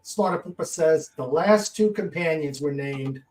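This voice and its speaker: A man's voice: fairly high pitch, moderate pace, darkish tone, poor audio. A man co-hosting a casual podcast chat, reading out listener comments with frequent chuckles and trailing mutters. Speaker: podcast co-host.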